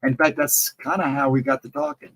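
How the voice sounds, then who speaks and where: A husky middle-aged man with a Central Ohio accent chats loosely on a livestream. He rambles from story to story and reads out chat comments as he goes. His R and W sounds come out a bit soft, and his voice has a breathy rasp to it. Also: mid-range voice, big pitch swings, a little fast, rough recording. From Central Ohio, near Columbus. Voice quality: trouble with R and W sounds. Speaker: livestream co-host.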